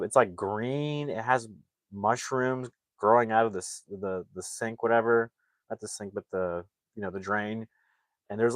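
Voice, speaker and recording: A man's voice: fairly low pitch, dry recording. A man casually retelling a movie's plot on a livestream, rambling with many fillers and acting out the characters' lines. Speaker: movie recap streamer.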